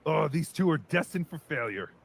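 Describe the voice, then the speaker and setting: A man's voice: a little high, animated, normal speed, vocal fry. A man in a played clip, sarcastically mocking and teasing a couple. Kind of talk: mocking commentary.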